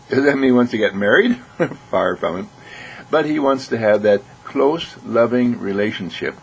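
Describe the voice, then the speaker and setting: A man giving a gentle, reflective talk, telling stories and acting out voices. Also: mid-range voice, vocal fry, a little hiss or hum, rough recording. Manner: gentle, storytelling with acted voices. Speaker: speaker.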